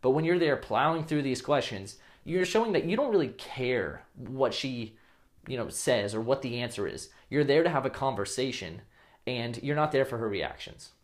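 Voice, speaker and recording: A man's voice: medium pitch, expressive, normal speed. Blunt male dating coach, casual vlog delivery. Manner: blunt, swears casually, acts out example lines.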